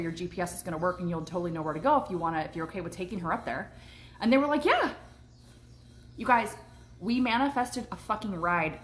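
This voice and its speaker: A woman livestreaming a casual story, animated, laughing often and swearing freely. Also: medium pitch. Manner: eating while talking. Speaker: manifestation coach and vlogger.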